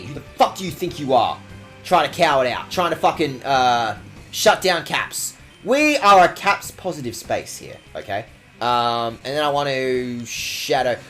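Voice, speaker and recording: A man's voice: fairly high pitch, a bit bright. A male streamer ranting with mock outrage and frequent swearing, his voice leaping up and down. Faint game music plays behind him. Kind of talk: casual game stream commentary.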